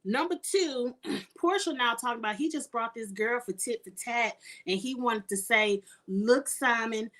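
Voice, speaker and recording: A middle-aged woman, talking in a fairly high voice. She rants bluntly through a casual live recap with plenty of swearing and frequent throat clearing. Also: moderate pace, fairly bright tone. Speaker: reality TV recap host.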